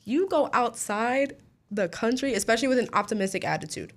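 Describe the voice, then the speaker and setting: A woman's voice: a little high, lively intonation, brisk. A young woman from New Jersey chatting with animation as a student co-host, laughing often. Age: young adult. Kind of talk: casual chat.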